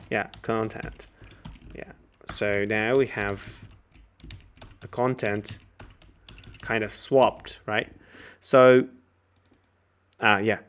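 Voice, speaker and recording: A man's voice: on the low side, fairly bright tone. A man lecturing while he writes code live, thinking aloud with frequent fillers and self-corrections.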